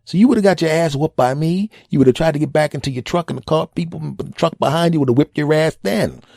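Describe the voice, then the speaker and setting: A man's voice: a little high, fast, creaky, a little mellow, dry recording, clean studio sound. A man hosting a podcast, telling stories in a casual comedic monologue and repeating phrases for emphasis. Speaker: podcast host.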